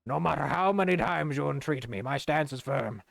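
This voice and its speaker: A man voicing an old male bomb sailor who is grieving and gruff, in old-fashioned seafaring speech, for a video game playthrough. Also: a little high, animated, normal speed, a bit bright, no echo, heavily acted.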